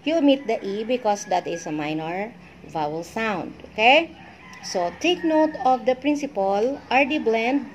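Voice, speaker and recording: A middle-aged woman with a Filipino accent, teaching a shorthand lesson and deliberately spelling out letters one by one. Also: mid-range voice, slight background noise. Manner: slow, deliberate spelling out of letters with code-switching. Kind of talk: instructional lesson.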